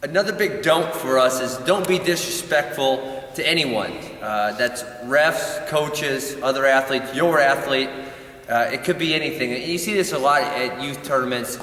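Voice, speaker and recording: A man's voice: mid-range voice, moderate pace, fairly bright tone. A man, a wrestling coach, giving direct, explanatory advice to parents. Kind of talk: instructional talk. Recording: echoey hall, distant mic, faint noise.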